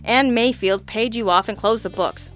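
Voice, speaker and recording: A woman's voice: a little high, moderate pace, fairly bright tone, faint music behind, natural voice. A woman voicing a blustering police lieutenant. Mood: testy. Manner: bellowing, testy, exasperated. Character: gruff blustering male homicide lieutenant. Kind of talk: audiobook character voice.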